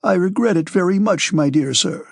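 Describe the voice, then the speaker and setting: A grave old Freemason, voiced by a male audiobook reader speaks slowly and loudly, each word weighed. The voice sits higher than the reader's own and has a husky, breathy grain. The recording is dry and close. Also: no room sound. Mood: grave, paternal. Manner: deliberate, loud. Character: severe old male Freemason, calm and deliberate. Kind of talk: audiobook character reading.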